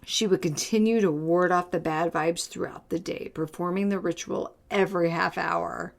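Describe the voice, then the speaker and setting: A woman's voice: on the low side, fairly even intonation, moderate pace, creaky. A young adult woman co-hosting a podcast, reading an article aloud and breaking off for jokes and laughs. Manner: reads aloud with joking asides and laughs. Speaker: podcast co-host.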